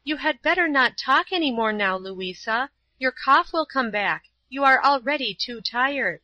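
A woman voicing a gentle, tearful young lady who pleads tenderly. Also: high-pitched, expressive, unhurried, no room sound, highs cut off, pitched above the performer's own voice, full character voice. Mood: pleading.

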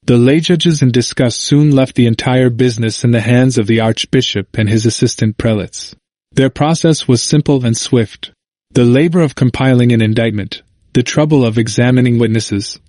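A man reading a history book aloud as a narrator, in a measured, steady way. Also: mid-range voice, dry recording, studio quality.

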